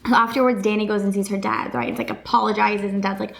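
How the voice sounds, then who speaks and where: A woman's voice: mid-range voice, steady tone, fast talker, creaky, a bit bright, faint music behind. A woman chatting casually through a TV episode recap, her talk full of "like" and "you know" fillers. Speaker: vlogger reviewing a TV episode.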